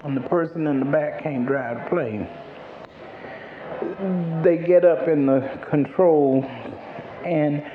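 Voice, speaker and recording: A man telling folk tales in a slow, dramatic storytelling delivery. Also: on the high side. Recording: roomy, dull, noisy recording.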